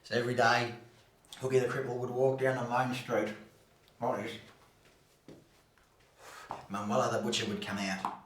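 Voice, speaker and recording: A man's voice: medium pitch, level tone, moderate pace, long pauses, a bit bright, reverberant, a little hiss or hum, natural voice, poor audio. An Australian man telling a crude, swearing yarn with acted-out voices. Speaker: storyteller.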